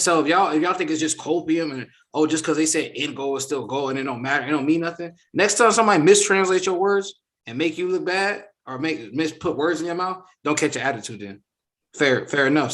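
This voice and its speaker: A man hosting a casual reaction discussion, talking emphatically and acting out quotes. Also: mid-range voice. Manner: animated, emphatic, acts out quotes. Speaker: host.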